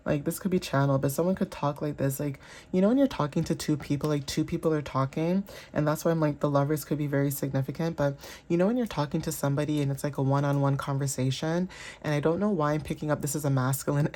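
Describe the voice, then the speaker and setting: A woman reads tarot for her audience in a casual, rambling way. Her voice sits low and sounds warm and mellow. She fills her talk with "you know" and often checks in with "okay?". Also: fairly even intonation, fast talker. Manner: chatty, filler-heavy, checks in with "okay?". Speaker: tarot reader. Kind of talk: casual intuitive tarot reading.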